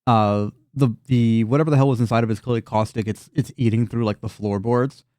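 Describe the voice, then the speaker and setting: A man's voice: mid-range voice, steady tone, fairly quick, dark tone, no room sound, clean studio sound. A man narrating as the game master of a tabletop game, describing scenes in a loose, rambling way with many restarts.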